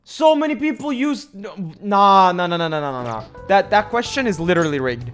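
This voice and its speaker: A man's voice: sits high, sing-song, fairly quick, a bit bright, faint music behind. A young man streaming a video game, rambling casually, cursing and mocking himself as he plays. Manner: rambling, profane, self-mocking. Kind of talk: casual gameplay commentary.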